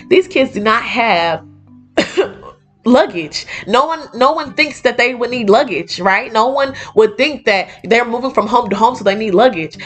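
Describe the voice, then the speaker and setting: Young woman podcast host, casual storyteller, animated, does the voices of the people she quotes. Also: medium pitch. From United States. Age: young adult.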